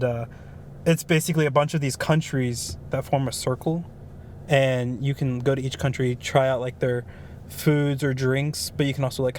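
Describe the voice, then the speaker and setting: A young man co-hosting a podcast tells rambling stories in casual chat, packing his speech with fillers. His voice is mid-range and a little mellow, with a bit of hiss or hum on the recording.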